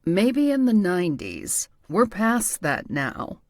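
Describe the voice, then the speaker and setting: A woman's voice: medium pitch, big pitch swings, slow, darkish tone, no room sound, clean studio sound. A woman playing a blunt, sassy male style critic. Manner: blunt, theatrical, cutting. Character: blunt, sassy man, bossy fashion critic.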